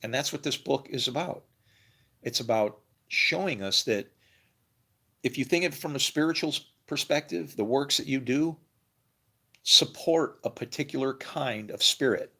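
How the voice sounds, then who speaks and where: Gravelly man musing with frequent chuckles. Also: mid-range voice, normal speed, pushed and bright. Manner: rambling, laughs often, restarts. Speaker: religious video creator. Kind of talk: casual monologue to camera.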